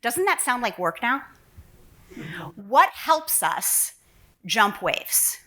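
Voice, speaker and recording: A woman presents from a conference stage in a bright, crisp voice. She speaks earnestly, posing rhetorical questions to the crowd as she builds her argument. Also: fairly high pitch, big pitch swings, drawn-out words. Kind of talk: keynote presentation.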